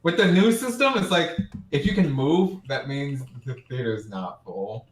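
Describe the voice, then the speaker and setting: A man's voice: mid-range voice, animated, a little slow. A man in casual chat reasoning a point aloud, heard from a distant, roomy mic with crowd noise behind.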